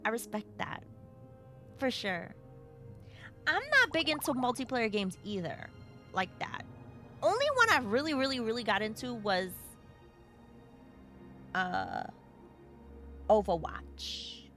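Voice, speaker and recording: A woman with a New York accent streams a game and chats with her viewers, her voice bright and sharp, swooping high and low in a playful, bouncy way. Soft game music plays faintly underneath. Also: big pitch swings, takes it slowly, long pauses. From Brooklyn. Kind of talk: casual live-stream chat, reading chat aloud.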